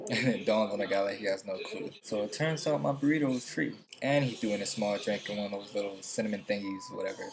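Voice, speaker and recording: A man's voice: lowish voice, fast, vocal fry, poor audio. A man casually telling a funny anecdote, amused and chuckling between lines. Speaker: storyteller.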